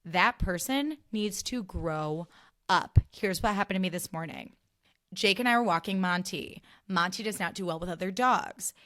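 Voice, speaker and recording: A woman's voice: on the low side, normal speed, fairly bright tone. Chatty woman hosting a solo podcast. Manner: chatty, filler-heavy, sarcastic asides. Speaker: podcast host. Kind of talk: casual solo podcast chat.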